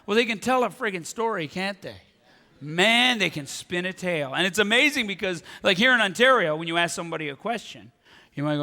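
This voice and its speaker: A man doing stand-up comedy on a large theatre stage, brash, profane and energetic, into a handheld mic. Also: sits high, a little fast.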